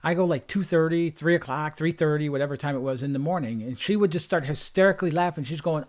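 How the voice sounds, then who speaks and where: A life coach, a man with a slightly high voice, speaks straight to his viewers in a motivational livestream. His delivery is earnest, and he stacks up repeated phrases to hammer his points home. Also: fast talker, hardly any pauses. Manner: earnest, repetitive emphatic phrasing.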